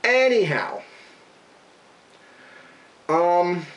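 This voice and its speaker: A man's voice: high voice, lively intonation, drawn-out words, a bit bright, far from the mic, poor audio. Swearing, rambling man ranting. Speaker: radio show regular and vlogger. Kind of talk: casual profane rant to camera.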